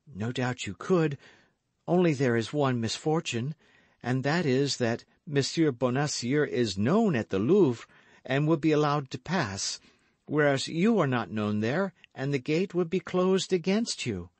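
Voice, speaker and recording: A man's voice: medium pitch, lively intonation, a little slow, no room sound, voice pushed up. A man voicing an anxious, frightened young Frenchwoman in an audiobook reading, speaking urgently and pleadingly.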